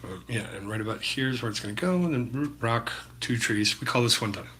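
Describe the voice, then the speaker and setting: Expressive and quick, with a medium pitch and sharp tone, this man chats with his viewers by name as he paints live. He's laid-back and rambling and swears freely, with slight background noise in the recording.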